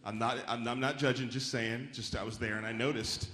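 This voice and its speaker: A man's voice: mid-range voice, fairly even intonation, brisk, a bit bright. Man, stand-up comedian, live stage mic, echoey theater, faint crowd hum, chatty, riffs with the audience. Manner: conversational, riffing with the audience, mimics chirpy voices. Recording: roomy live hall with faint crowd noise. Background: audience laughter.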